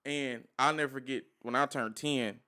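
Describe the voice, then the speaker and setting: A young man on a podcast, telling animated stories with laughter and lots of repetition. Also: medium pitch, normal speed, clean tone. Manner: animated storyteller, repeats himself, laughs mid-sentence. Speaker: podcast co-host. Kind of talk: casual chat.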